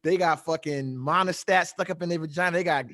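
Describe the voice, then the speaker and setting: A man telling a long story in casual chat, animated and profane, often laughing at his own tale. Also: on the high side, brisk, no room sound. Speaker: podcast storyteller.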